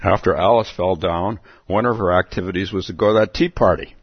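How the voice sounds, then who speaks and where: A man's voice: low voice, fairly quick, breathy edge, dry recording, lo-fi sound. A man giving a reflective Zen dharma talk, musing aloud and chuckling between thoughts. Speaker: Zen teacher.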